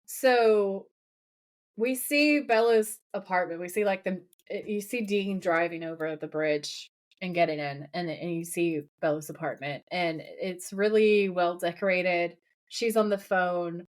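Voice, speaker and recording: On a podcast, a female co-host who grew up partly in America gives an animated, playful recap of a TV episode, retelling scenes and performing the characters' lines. She speaks a little slowly in a voice on the low side.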